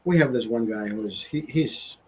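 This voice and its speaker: A man's voice: medium pitch, moderate pace, a little mellow, breathy edge, poor audio. A man hosting a show who rants heatedly, swears constantly, and keeps restarting his sentences. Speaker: host. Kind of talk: casual profane rant.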